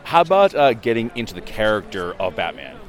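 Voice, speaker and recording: A man's voice: fairly low pitch, big pitch swings, fairly quick, crowd noise. A man interviewing a costume performer outdoors, asking friendly questions and laughing along.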